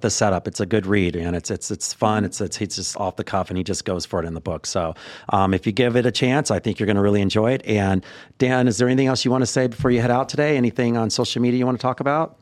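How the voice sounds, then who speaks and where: A man hosting a podcast, chatting in an easygoing way with frequent fillers. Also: fairly low pitch. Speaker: podcast host. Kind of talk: casual chat.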